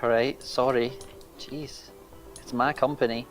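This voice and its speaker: A man's voice: medium pitch, steady tone, unhurried. A laid-back man running mock job interviews in a party game. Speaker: player acting as interviewer. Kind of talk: casual game chat. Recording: loud music behind the voice. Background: music.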